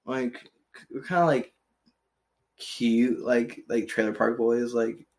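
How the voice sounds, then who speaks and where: A man's voice: medium pitch, fairly even intonation, slow. A man co-hosting a podcast in casual chat, laid-back and joking, swearing freely. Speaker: podcast co-host.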